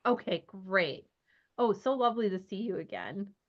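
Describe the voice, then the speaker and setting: A woman's voice: medium pitch, lively intonation, a crowd in the background, close to an everyday voice. A woman playing an awkward, flustered stage magician. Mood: flattered. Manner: awkward, halting with many ums. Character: flustered male stage magician addressing crowd. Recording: dull lo-fi sound.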